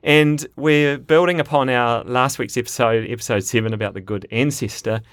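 A man's voice: mid-range voice, moderate pace, no room sound. A man hosting a podcast in a library sound studio, chatty and giggly, rambling with fillers. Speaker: podcast host. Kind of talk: casual podcast chat.

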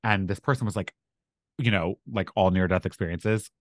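Male astrologer guest, casual and rambling storyteller, lower pitch, dry. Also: normal speed, no echo. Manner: rambling, filler-heavy, animated storytelling. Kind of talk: casual podcast chat.

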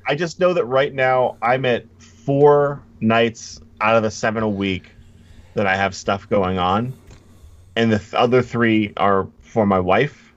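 A man's voice: on the low side, measured pace. Rambling man on a dull lo-fi mic. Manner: rambling, self-deprecating, many fillers. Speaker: podcast co-host. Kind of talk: casual podcast chat. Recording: dull lo-fi mic with faint noise.

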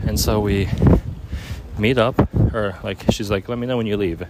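Young man, low voice, halting and rambling, loud traffic noise outdoors. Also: steady tone. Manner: halting, many ums and likes. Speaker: vlogger. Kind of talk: casual personal storytelling.

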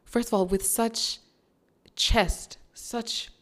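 A woman's voice: a little high, fairly even intonation, drawn-out words, a bit bright. A woman who is a guest on a casual podcast, speaking bluntly and with sarcasm.

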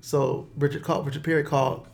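A middle-aged man recounts an old story in a casual interview, his voice sitting a touch higher than most men's. He gets animated and stumbles over repeated words when excited. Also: quick pace, gravelly. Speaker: guest.

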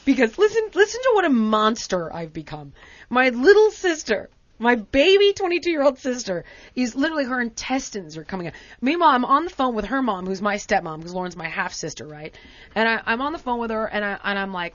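A woman with a slightly high voice tells a chaotic story, dramatic and animated, voicing the people in it as she goes. The sound is dry and a little dull, close to the mic. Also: fairly quick, no echo. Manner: animated, dramatic retelling with acted-out quotes. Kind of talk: casual storytelling chat.

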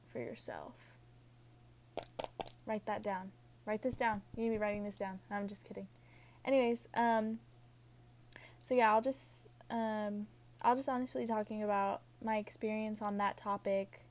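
A young woman hosts a casual podcast, rambling in a Valley-girl style, constantly saying "like" and "literally" and laughing at her own jokes. Her voice is medium in pitch and her pace moderate.

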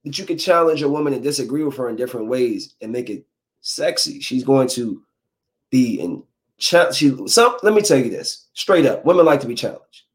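A young adult man in a casual, preachy rant of dating advice, slangy and animated, slipping into quick mock voices. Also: medium pitch. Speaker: vlogger giving dating advice.

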